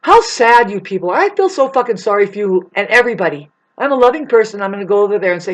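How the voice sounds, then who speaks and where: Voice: medium pitch, lively intonation, fast, hardly any pauses, rough recording. A vlogger delivering an angry, rambling, profane monologue that warns and scolds the listener. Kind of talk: ranting monologue.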